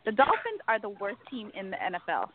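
A woman's voice: medium pitch, huge pitch swings, fairly quick, a little hiss or hum. A woman co-hosting a casual sports talk show, giving playful, confident fantasy football tips. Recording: tinny phone-like audio with music.

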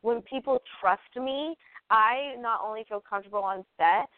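A woman's voice: fairly high pitch, normal speed, no echo. A woman hosting a podcast, agreeable and chatty, with frequent "yeah" and "um" fillers. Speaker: podcast host. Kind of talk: casual podcast chat. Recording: tinny dry phone-like line.

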